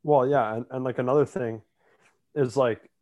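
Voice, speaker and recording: A man's voice: mid-range voice, moderate pace. Ranting man in casual sports talk. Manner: animated, ranting, lots of "like" fillers.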